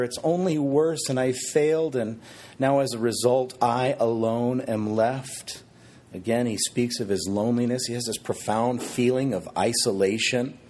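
Husky-voiced man preaching with emphasis. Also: mid-range voice. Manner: expressive, rhetorical questions with shifting emphasis. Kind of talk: sermon.

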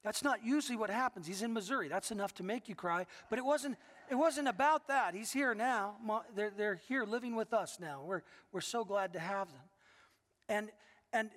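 In a large, echoing hall with long reverb, a middle-aged pastor delivers a sermon built on earnest stories, often breaking off to restart his sentences. His voice sits high with a fairly bright tone, at a moderate pace.

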